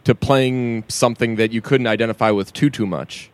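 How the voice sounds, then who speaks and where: A man's voice: mid-range voice, normal speed, no echo. A man from Massachusetts interviewing a guest, casual and joking, with some profane banter. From Massachusetts, USA.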